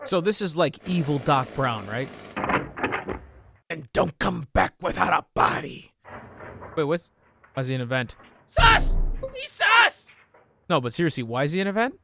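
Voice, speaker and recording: A man with a fairly high voice riffs through a casual reaction commentary on an old film. He is sarcastic and swears freely, cracking jokes as he watches. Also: lively intonation, measured pace, creaky, noisy background. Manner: sarcastic, profane and joking.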